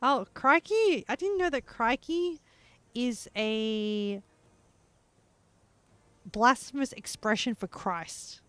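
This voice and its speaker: A woman's voice: a little high, animated, slow pace, pauses often, a bit bright, smooth, no echo. An Australian woman streaming a game, chatting casually and rambling as she searches for words. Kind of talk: casual chat while gaming.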